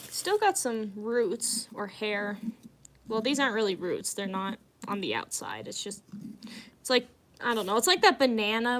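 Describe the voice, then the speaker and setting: A woman's voice: medium pitch, fairly bright tone. A young woman chatting casually on a live stream at home, giggling often and rambling from one thought to the next. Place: at home indoors.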